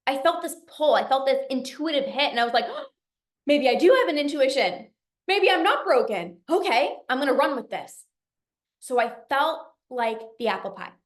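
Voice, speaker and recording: A woman's voice: high voice, a bit bright, reverberant. A young adult woman coaching in a masterclass, telling a story emphatically and acting out her own inner voice. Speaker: binge eating coach.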